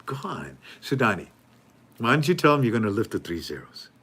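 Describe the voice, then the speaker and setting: Guy hosting his own channel, reads articles out loud, jokes and mocks, laughs a lot. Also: big pitch swings, brisk, slightly rough. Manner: joking, mocking, laughs often, acts out officials in a high voice. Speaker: host. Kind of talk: casual commentary reading news articles.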